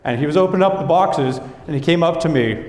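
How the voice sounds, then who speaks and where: A young business speaker talks fast, his voice a little high and slightly raised, as a long reverb fills the big hall around him. Presenting to an audience, he spins lively stories and voices what his coworkers said.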